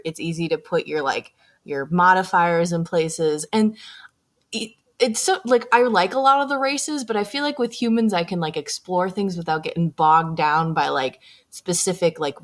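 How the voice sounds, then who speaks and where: A young woman co-hosting a podcast, talking casually about her game character, chatty, with frequent laughs and fillers. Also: on the low side. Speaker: podcast co-host. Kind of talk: casual chat.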